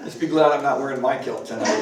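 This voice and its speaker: A live folk musician fills the gaps between songs with playful stage banter, chatting and teasing the crowd at an indoor library concert. His voice sits at medium pitch. The recording is very noisy, captured on a distant mic in a roomy hall with guitar playing.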